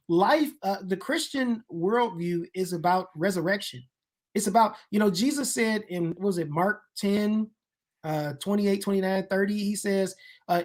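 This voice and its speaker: A woman explains scripture and ancient history in a relaxed conversation. She talks at a mid pitch, and her delivery grows animated as she builds each point to an emphatic finish. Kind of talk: casual discussion of Bible history.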